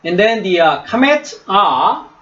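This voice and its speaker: A man teaching a class, speaking slowly, repeating each word and checking "right?" with his students. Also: sits high, sing-song, fairly bright tone, dull audio. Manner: slow, repeats words and asks "right?" often. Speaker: Hebrew teacher. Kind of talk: classroom lesson.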